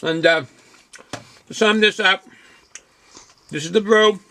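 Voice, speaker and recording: A man's voice: high-pitched, takes it slowly, bright, forceful tone, a little hiss or hum. An older man reviewing a beer and snack at home, reading a package blurb aloud and then chatting loosely while he chews. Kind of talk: casual home video review.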